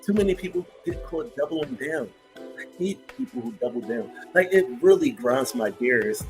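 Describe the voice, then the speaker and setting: A man in his thirties hosting a casual podcast from a home setup, his voice sitting fairly high for a man. He tells stories in an animated way, full of fillers, and laughs easily, with faint music behind him. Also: moderate pace, low-quality recording. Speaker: podcast host. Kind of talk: casual chat. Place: home studio with big lights.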